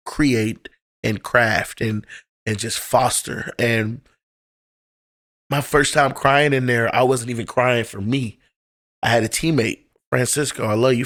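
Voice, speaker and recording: A man's voice: medium pitch, fairly bright tone. A young adult man, a poet and teacher, talking on a podcast as a guest and telling personal stories candidly and with feeling. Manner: candid, heartfelt storytelling with casual profanity. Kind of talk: casual podcast conversation.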